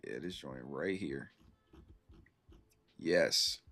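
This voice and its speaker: A man's voice: very deep voice, animated, very slow, vocal fry, fairly bright tone. A young man, streaming from his computer and casually chatting with viewers in slangy, laid-back stories. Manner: laid-back slangy storytelling, reacting to chat.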